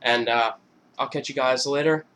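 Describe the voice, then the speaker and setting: A man's voice: mid-range voice, fairly even intonation, normal speed, bright, forceful tone. Rambling, profane young man vlogger. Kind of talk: casual movie recap.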